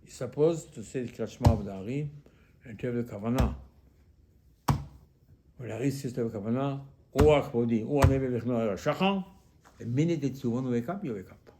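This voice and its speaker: A rabbi delivers a sermon in a voice of ordinary middle pitch. He keeps asking his listeners questions and repeats them, with Hebrew religious terms woven into his English. He drops to near-whispered asides, then rises to emphatic points. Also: brisk, noisy background. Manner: loudness swings from hushed to emphatic.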